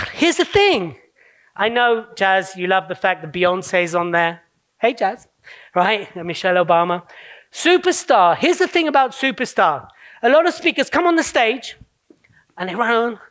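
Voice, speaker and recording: A man giving a live keynote on public speaking, playful and energetic, often checking in with his audience. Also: high-pitched. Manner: playful, energetic, slips into quick mock voices. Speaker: public speaking coach on stage. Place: conference stage.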